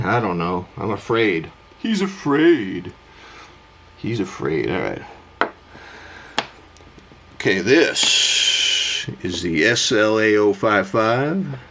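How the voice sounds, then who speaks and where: A man with a rough morning voice, hosting a casual vlog monologue about his collection. He gushes theatrically and talks to himself as he goes. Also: lowish voice, bright, forceful tone, a little hiss or hum. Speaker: watch collector vlogger.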